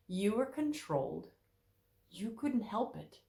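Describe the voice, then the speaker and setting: An emphatic woman therapist talks straight to her audience. Her pitch rises and falls a great deal as she drives her points home and repeats them for weight. The sound has a noticeable room echo. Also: lively intonation, a little slow. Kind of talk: direct-to-camera talk.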